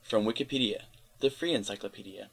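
Man, gravelly voice, lowish pitch, steady careful read-aloud narration. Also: a little fast, poor audio. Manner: steady, careful reading, spelling out letters. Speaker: volunteer reader of an encyclopedia article.

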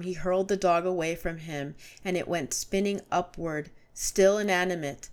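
A woman reading a classic story aloud as narrator, measured and storytelling. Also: lowish voice. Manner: measured, storytelling, rising to urgent shouts in dialogue.

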